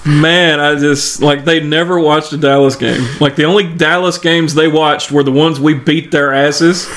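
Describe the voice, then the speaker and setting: A man's voice: fairly high pitch, fairly even intonation, moderate pace, fairly bright tone, a little hiss or hum. A man with a slightly raised voice, chatting casually and cursing freely. He keeps cracking jokes and laughing between points, loose and unfiltered in his talk. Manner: swears often, laughs a lot, jokey. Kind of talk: casual chat.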